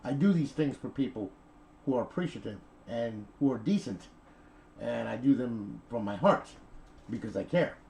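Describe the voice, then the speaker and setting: A man's voice: medium pitch, darkish tone, a little hiss or hum, poor audio. A middle-aged man telling a console repair story in a chatty, rambling way, checking in with okay and all right as he goes. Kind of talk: rambling casual video talk.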